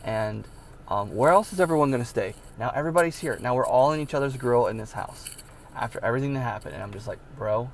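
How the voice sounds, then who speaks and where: A man's voice: mid-range voice, fast, gravelly, slight background noise. A man telling a personal story in a casual, rambling way, with many fillers and sudden bursts of disbelief. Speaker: vlogger telling his life story.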